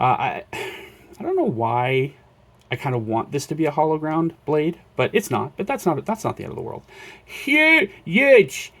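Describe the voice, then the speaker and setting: A man casually showing off his collection in a vlog, rambling with many fillers and self-corrections. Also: medium pitch. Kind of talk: casual show-and-tell vlog.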